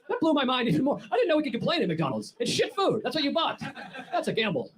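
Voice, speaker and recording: A man's voice: very high voice, huge pitch swings, rapid-fire. A man from the United States doing a stand-up comedy set on stage with a handheld mic, telling exasperated, sarcastic stories. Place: comedy club stage before a laughing audience. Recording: live audience noise throughout.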